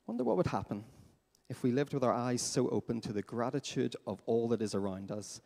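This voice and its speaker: A man preaching a sermon as pastor in a church, lively and questioning his congregation. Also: mid-range voice, brisk, vocal fry. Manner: animated, asks the congregation questions. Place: church hall. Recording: long hall reverb.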